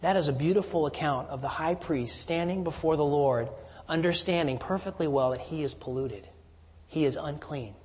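A man preaching a sermon, moving from emphatic lines to hushed, near-whispered stresses. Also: on the high side, normal speed. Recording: long hall reverb.

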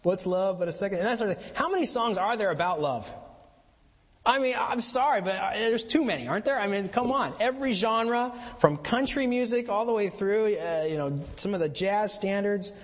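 A man preaching a sermon as pastor, mixing chatty asides with slow, emphatic lines. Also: high voice, lively intonation, long reverb tail.

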